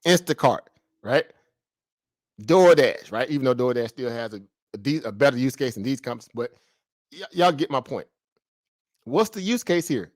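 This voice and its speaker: A man's voice: mid-range voice, normal speed, pauses often, no room sound, clean studio sound. A man giving casual stock market commentary, asking himself rhetorical questions and talking in slang. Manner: rhetorical questions, slangy and animated, mimics traders.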